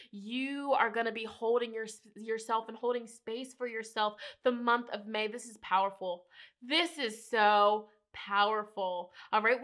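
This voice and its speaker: A woman's voice: a little high, a bit bright. A young woman giving an emotional, earnest tarot reading to her viewers, often repeating phrases and calling them "you guys". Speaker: tarot reader.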